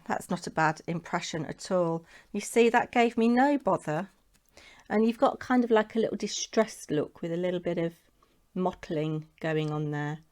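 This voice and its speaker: Chatty woman demonstrating stamping. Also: lowish voice. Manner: chatty, talks to herself while working. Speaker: papercraft tutorial host. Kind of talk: casual crafting tutorial talk.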